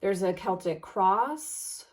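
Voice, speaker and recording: A woman hosting a tarot unboxing, reading card titles aloud in a gentle, admiring way with soft exclamations. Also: medium pitch, animated, slow. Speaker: tarot reader and channel host.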